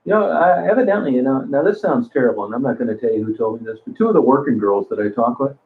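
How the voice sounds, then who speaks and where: A man's voice: medium pitch, lively intonation, fast. Crude rambling man on a tinny line. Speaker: livestream host. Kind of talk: casual live chat reading comments. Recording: tinny phone-like sound.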